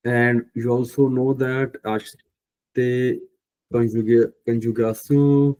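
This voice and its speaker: A man with an Indian English accent teaching a French class online, speaking slowly and patiently, thinking aloud and correcting himself. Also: medium pitch, level tone, a little mellow, low-quality recording. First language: Punjabi. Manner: slow, patient, thinking aloud with many fillers; self-correcting mid-sentence.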